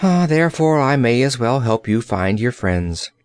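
Man reading as a loyal storybook gardener's boy, earnest and formal, animated. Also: medium pitch, normal speed, clean tone, no room sound, studio quality, lightly acted.

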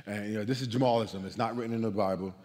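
A man's voice: fairly low pitch, fairly even intonation, racing, darkish tone. A man giving a sermon as guest preacher from a church stage. He tells a story in a conversational way, full of restarts and repeated words. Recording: long reverb of a church hall.

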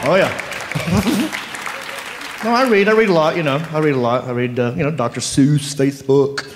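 A man's voice: fairly high pitch, moderate pace, crowd noise, background noise. A man with a Southern accent from North Carolina doing a self-mocking stand-up comedy set on stage. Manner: drawling, self-mocking punchlines. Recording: roomy club with audience laughter. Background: audience laughing.

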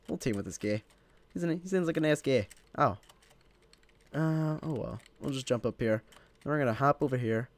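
This is casual gameplay commentary from a young Illinois man running his gaming channel in the United States. He has a mid-range voice and rambles chattily, talking to himself as much as to viewers while he plays. There's no echo in the recording.

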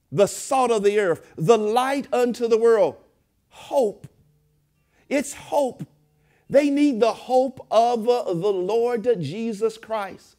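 A man preaching a sermon in a high voice that leaps and swoops across a wide range. He drives his points home with repeated, rising phrases, pastor-style. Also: darkish tone. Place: church.

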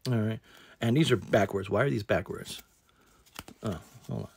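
A man's voice: on the low side, normal speed, gravelly, breathy edge, dry recording. A man hosting a casual card unboxing, rambling with lots of fillers and repeated exclamations.

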